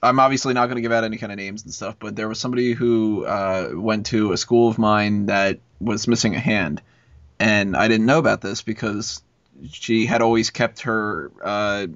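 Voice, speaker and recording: A podcast host with a lowish, fairly bright voice rambles through a long school story in a casual chat, full of swearing and fillers. The recording is dry, dull, and lo-fi.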